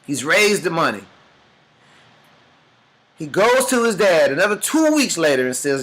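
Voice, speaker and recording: A man giving a motivational business talk, telling a story in an animated, dramatic way to a group. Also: a little high, measured pace, long pauses. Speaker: business speaker.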